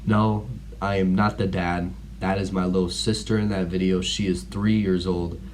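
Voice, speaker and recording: A man's voice: low-pitched, level tone, normal speed, a little hiss or hum. A teenage boy telling a story in a casual vlog, rambling with lots of "like" and some blunt swearing. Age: teens. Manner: rambling, heavy use of "like", blunt and profane at times. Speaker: vlogger.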